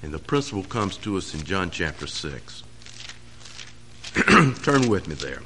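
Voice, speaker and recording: A man's voice: sits low, very animated, measured pace, heavy background noise. Emphatic preacher man. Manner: emphatic preaching, swelling louder on key phrases. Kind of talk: sermon.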